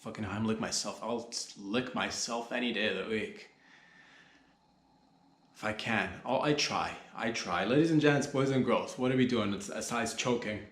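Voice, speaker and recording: A man's voice: fairly low pitch, normal speed, fairly bright tone. A man hosting a solo comedy podcast, rambling loosely, joking and swearing as he goes. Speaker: podcast host. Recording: echoey room.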